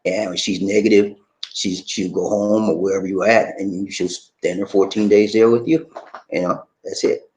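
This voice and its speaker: A man's voice: on the low side, fairly even intonation, moderate pace, darkish tone, poor audio. A man from the United States hosting a live stream, answering viewers' questions in a folksy way that repeats phrases.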